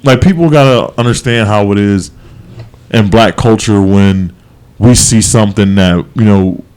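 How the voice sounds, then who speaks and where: A man co-hosting a podcast, talking casually in a rambling, animated way with many restarts and fillers. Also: lowish voice, measured pace, clear, resonant tone. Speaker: podcast co-host. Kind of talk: casual chat.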